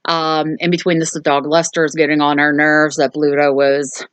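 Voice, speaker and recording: Woman host, low pitch, dry close mic, chatty rambling recap. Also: little pitch movement, normal speed, smooth, no room sound. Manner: rambling, lots of um and so. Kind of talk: casual movie recap.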